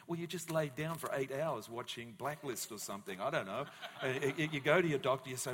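Animated man preaching in a hall. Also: mid-range voice, fairly quick, slight background noise. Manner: animated preaching, acting out voices of people in the stories. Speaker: pastor. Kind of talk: sermon. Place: church hall. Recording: long church hall reverb.

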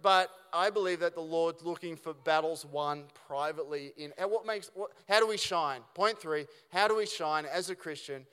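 A male pastor preaching a sermon in a relaxed, conversational way, full of rhetorical questions and restarts. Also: on the high side, normal speed, few pauses, clear, resonant tone. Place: church auditorium. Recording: church hall with long reverb.

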